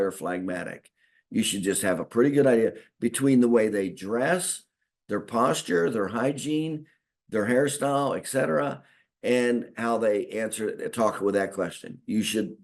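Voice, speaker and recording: A man with a mid-range, slightly mellow voice gives a spoken training lecture as a chiropractic consultant teaching doctors. His style is folksy and repetitive, and he acts out snippets of conversation with patients.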